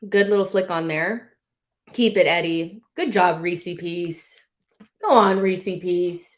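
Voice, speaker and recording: A woman hosting a live football watchalong, chatting casually and shouting with excitement when her team does well. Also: on the low side, slow. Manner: excitable, shouts at big moments, swears casually. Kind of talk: live match commentary with viewers.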